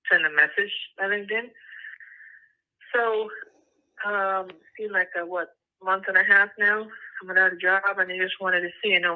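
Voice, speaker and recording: A woman calling in to a radio show, explaining her job search in a matter-of-fact way with many fillers. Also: lowish voice. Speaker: caller. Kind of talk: phone-in question. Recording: tinny phone line.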